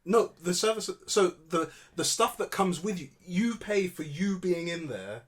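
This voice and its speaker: A man's voice: high voice, animated, measured pace. A man co-hosting a podcast, insisting on his point in casual sibling banter and swearing now and then. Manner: insistent and emphatic, swears, quotes his own reactions. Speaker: podcast co-host.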